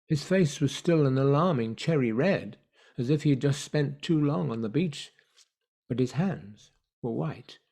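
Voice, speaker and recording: A man narrating a story in an online play reading, measured and hushed. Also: mid-range voice, expressive.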